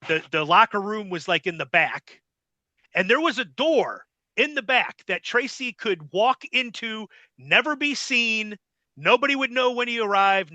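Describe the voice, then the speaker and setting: A middle-aged man, a podcast host, telling stories in an animated, casual way and acting out quotes, on a close mic. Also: high voice, dry recording. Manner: animated, repeats words, acts out quotes. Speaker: podcast host, former ring announcer. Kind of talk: casual storytelling.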